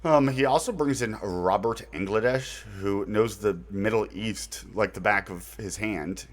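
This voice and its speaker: Speaking a little slowly at a fairly low pitch, a man introduces his website on his own channel. It's a casual, unscripted monologue of recommendations, loose and rambling, with fillers and mild slang.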